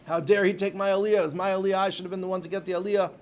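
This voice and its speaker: A man's voice: sits high, little pitch movement, rapid-fire, a little hiss or hum, natural voice. A man acting out a petty, resentful grown man who is indignant and accusing.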